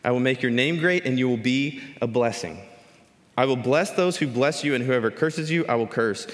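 A man giving a sermon, explaining scripture and telling a story in an animated way. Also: medium pitch, moderate pace. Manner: animated storytelling, acts out quoted voices. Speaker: speaker teaching scripture. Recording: long hall reverb.

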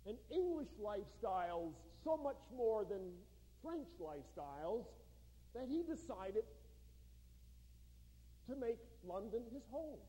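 A man's voice: high voice, very animated, slow pace, pauses often, mellow. A man preaching a sermon to students, telling a story that builds into fervent exhortation. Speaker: guest preacher. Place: large chapel. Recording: long reverb of a large hall.

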